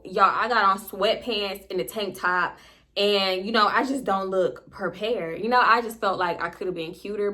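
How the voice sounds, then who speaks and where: A young woman spins a personal story for her viewers in African American Vernacular English. She is animated and laughs often, then drops low and hushed for the awkward parts. Her pitch sits mid-range for a woman. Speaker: storytime vlogger. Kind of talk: casual storytelling to camera.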